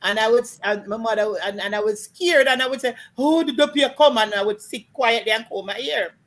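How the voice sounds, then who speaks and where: A woman with a Jamaican accent, chatting and telling folk stories with lively acted-out voices. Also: mid-range voice, a little fast, poor audio. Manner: animated storytelling, acts out voices. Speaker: storyteller guest. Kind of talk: casual chat.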